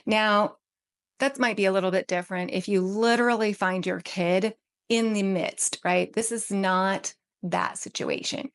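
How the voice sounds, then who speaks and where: A woman with a social work background giving parenting advice to camera in a calm, steady coaching tone, often checking in with "right?". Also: medium pitch, a little slow, clear, resonant tone. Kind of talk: direct-to-camera advice talk.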